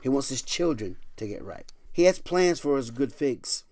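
A middle-aged male pastor preaching a sermon, swinging from hushed whispers to loud, emphatic lines and repeating phrases for emphasis while quoting scripture in old-fashioned wording. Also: mid-range voice, sing-song, normal speed, no room sound.

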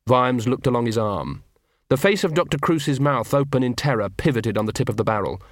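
A man's voice: medium pitch, expressive, no echo. Man narrating an audiobook, dry sound. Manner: measured, dramatic storytelling. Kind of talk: scripted narration.

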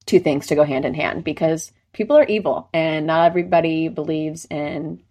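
A woman's voice: low voice, moderate pace, warm tone. A woman co-hosting a podcast, telling a story in casual chat with lots of filler words. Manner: chatty, storytelling, many filler "like"s. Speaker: podcast co-host.

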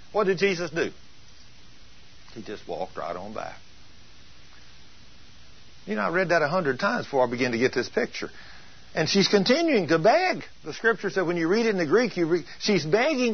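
A man teaches a sermon with a husky, slightly rough voice. He drives his points home with emphatic rhetorical questions. The recording sounds dull and lo-fi. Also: a little high, very animated, moderate pace. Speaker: preacher.

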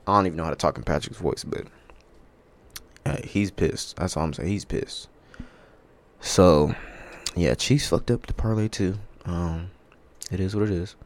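A man's voice: sits low, normal speed, pauses often. A young man hosting a sports podcast, ranting in a casual, profane, rambling way.

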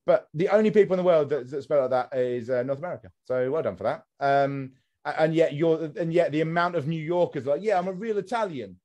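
A man's voice: on the high side, fast, a little mellow. Man ranting on a podcast. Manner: swears freely, rants with comic exasperation. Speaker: podcast host. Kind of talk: casual podcast chat.

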